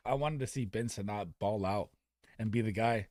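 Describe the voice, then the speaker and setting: A young man streaming fantasy football advice in a casual, excitable, profane manner. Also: lowish voice, no echo. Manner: excitable, profane, talks fast and loose. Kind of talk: casual livestream chat.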